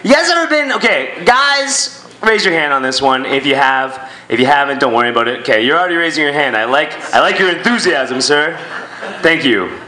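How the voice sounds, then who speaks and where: A man's voice: a little high, lively intonation, a little fast, pushed and bright. A man doing a stand-up set on a comedy club stage into a handheld mic, crude and self-deprecating in his storytelling. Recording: echoey club room.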